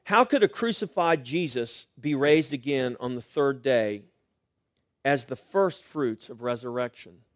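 A man's voice: mid-range voice, expressive, a little slow, no echo. Emphatic preaching man, dry sound. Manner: emphatic preaching, swings between loud rises and hushed refrains. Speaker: pastor. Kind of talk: sermon.

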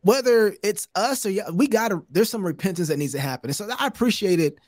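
A man talking as a podcast host, casual and animated, often breaking into laughter and restarting his thoughts. His voice sits a bit high for a man, and the sound is close and dry with no room around it. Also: fast talker, no room sound. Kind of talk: casual chat.

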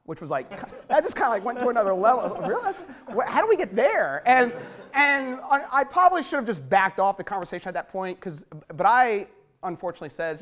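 A man who works as a street preacher, telling stories in a conversational interview, swinging from low and quiet to high and loud. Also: big pitch swings, a little fast. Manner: conversational, many fillers and restarts. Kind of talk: storytelling in an interview.

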